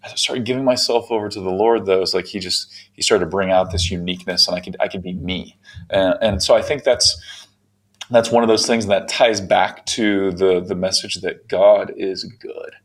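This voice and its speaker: A middle-aged American man with an American accent and a voice a little on the low side. He talks earnestly in a casual faith conversation, restarting his thoughts and searching for words. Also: steady tone, moderate pace. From United States. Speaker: podcast guest.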